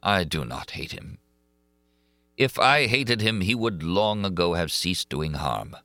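A man's voice: sits low, animated, unhurried, bright, forceful tone, no room sound, soft background music, heavily acted. A man playing a grave, sad mysterious stranger. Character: grave older foreign man, sad and secretive.

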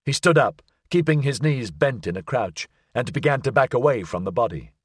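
A man narrating an audiobook thriller in an expressive, suspenseful reading. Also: mid-range voice, moderate pace, slightly rough, no room sound, clean studio sound. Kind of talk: scripted narration.

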